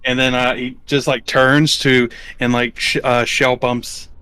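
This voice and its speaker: A man with a smooth, resonant voice describes what his character does in a tabletop game. He talks tentatively, reaching for words as he goes. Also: mid-range voice, little pitch movement, unhurried, sharp tone. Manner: tentative, groping for words when describing actions. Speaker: player.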